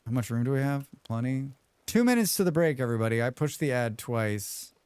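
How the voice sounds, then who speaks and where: Chatty male streamer, smooth dry voice. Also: mid-range voice, expressive, fairly quick, darkish tone, no echo. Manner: chatty, hums and thanks viewers. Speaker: livestreamer. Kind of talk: casual livestream chat while gaming.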